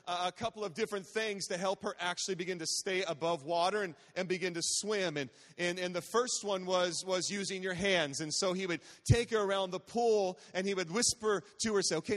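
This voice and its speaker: A high-voiced man in his forties who preaches as a guest pastor, telling family stories in a chatty, joking way. He keeps tossing call-outs to the crowd, and his voice carries a long reverb through a large church sanctuary. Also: brisk, hardly any pauses, fairly bright tone. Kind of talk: sermon storytelling.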